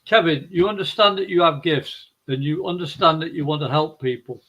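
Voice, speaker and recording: A middle-aged man co-hosts a live angel-card stream, with a voice that sits slightly high. He talks gently and affectionately, rambling and circling back as he gives each viewer a reading. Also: a little fast, low-quality recording. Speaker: psychic reader and co-host.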